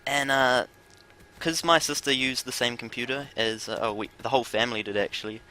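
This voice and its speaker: Bright-voiced rambling gameplay commentator man. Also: mid-range voice, fairly even intonation, brisk, a little hiss or hum. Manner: rambling, laughing, crude, lots of uh and like. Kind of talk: casual storytelling over gameplay.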